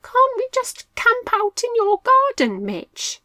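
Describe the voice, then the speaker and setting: A woman's voice: extremely high pitch, normal speed, no echo, voice pushed up. A woman voicing a timid, easily frightened young boy mouse who trembles, pleads and whispers in a storybook. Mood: pleading.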